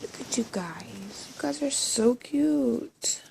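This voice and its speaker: A woman's voice: fairly high pitch, lively intonation, takes it slowly, gravelly, darkish tone, slight background noise. A woman at home talking baby talk to her cats in a casual, cooing way. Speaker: vlogger, pet owner.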